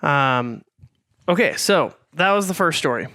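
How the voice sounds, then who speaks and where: Smooth-voiced young man rambling in casual chat. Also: on the high side, lively intonation, a little slow, sharp tone. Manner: rambling, lots of fillers and restarts. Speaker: podcast co-host.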